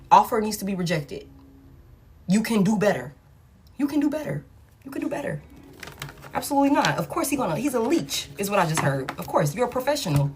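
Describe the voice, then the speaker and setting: A woman giving a live tarot reading, blunt and profane, hammering her points home with repeated flat refusals. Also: medium pitch, a little fast, pauses often, background noise. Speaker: tarot reader. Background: faint background music.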